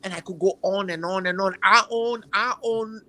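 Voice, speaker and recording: A man's voice: high-pitched, normal speed, bright, forceful tone, poor audio. A man hosting a football chat, giving emphatic opinions and repeating phrases while he searches for words. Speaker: football podcast host.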